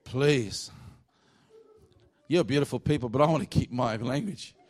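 A man with an Australian accent preaching a revival sermon to a congregation, jokey and exuberant, swinging from hushed asides to shouts. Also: mid-range voice, fast talker. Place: church hall before a congregation.

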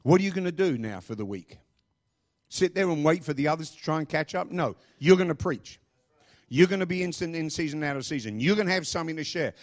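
Lively-voiced preacher man. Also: a little high, fairly quick. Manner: emphatic, repeats phrases, rambling asides. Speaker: pastor. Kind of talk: sermon.

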